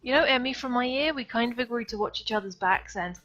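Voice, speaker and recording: A woman voicing a paranoid, reclusive teenage boy who rants in loud, panicky outbursts. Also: fairly high pitch, fast talker, voice pushed up, natural voice. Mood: frantic. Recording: dull lo-fi stream audio, faint music.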